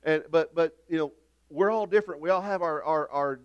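A man's voice: fairly high pitch, brisk, clean tone, highs cut off. A middle-aged man, preaching a sermon as pastor in a folksy, rambling storytelling way with many restarts. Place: church sanctuary.

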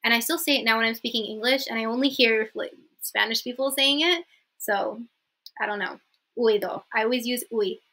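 A woman's voice: fairly high pitch, fairly quick, bright, forceful tone. A young woman teaching in a casual vlog lesson, chatty and friendly, often checking in with "okay?" as she explains. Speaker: language teacher.

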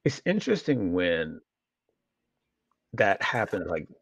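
A man with a low voice rambles through a crude, joking podcast chat, tripping over restarts as he goes. His pitch swings widely from line to line. The sound is dull and lo-fi, with a dry, close feel. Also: huge pitch swings, slow pace, slightly rough, dry recording. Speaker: podcast co-host. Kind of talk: casual unscripted chat.

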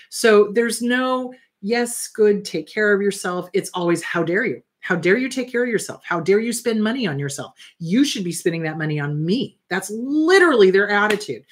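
Woman, middle-aged, therapist talking to camera, husky, blunt, emphatic, mimics others. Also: medium pitch. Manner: emphatic and blunt, often acting out what others say. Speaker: therapist and show host. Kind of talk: direct-to-camera advice talk.

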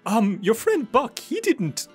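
Man doing a fussy innkeeper, high and lively, stammering, eager to please, tabletop game character voice. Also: takes it slowly, husky, soft background music, exaggerated voice. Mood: flustered. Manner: flustered and eager, stammering with concern. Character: fussy, doting middle-aged male innkeeper.

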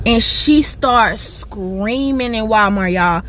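Woman vlogger in her thirties, high bright voice, dramatic sassy storyteller, phone in a parked car with faint traffic outside. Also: expressive, slow pace, few pauses. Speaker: family vlogger. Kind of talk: animated storytime vlog. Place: parked car in a store lot.

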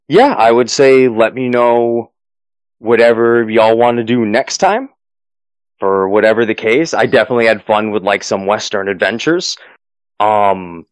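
A man's voice: fairly low pitch, no echo, rough recording. A man running a tabletop game as game master, narrating the finale and then chatting loosely with many fillers and restarts.

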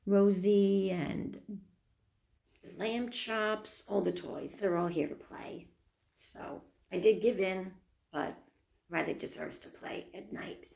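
A woman's voice: medium pitch, animated, takes it slowly, gravelly, dark tone. A woman vlogging with her small dog, talking to it in doting, sing-song baby talk full of coaxing questions. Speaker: pet vlogger.

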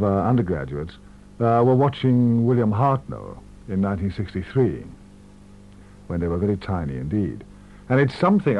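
A man in his forties, an actor, talking expansively in a radio interview, full of animated anecdotes. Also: on the low side. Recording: muffled 1970s radio archive with hum.

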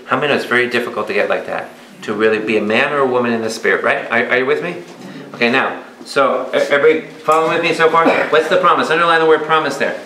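Priest guy running a bible study, bright voice, keeps asking the crowd questions, echoey hall. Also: mid-range voice, fast. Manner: animated, asks the audience many questions. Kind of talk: lively Bible study teaching. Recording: echoey hall with faint noise.

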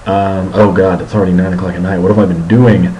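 Young male student vlogger, low-pitched, chatty and meandering, recorded at home with light background hiss. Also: level tone, quick pace, warm tone, highs cut off. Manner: rambling, many ums and restarts. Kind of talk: casual video diary.

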